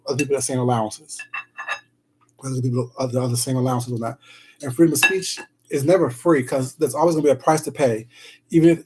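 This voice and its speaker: A man's voice: medium pitch, darkish tone, husky, rough recording. A man live-streaming himself eating, chatting casually and greeting viewers in the chat with pet names like "baby" and "sweetheart".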